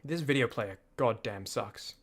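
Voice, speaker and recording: A man's voice: mid-range voice, unhurried, a bit bright, soft background music. A man streamer giving loose, laughing commentary on his own videos, full of restarts. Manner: rambling, laughs often, many restarts.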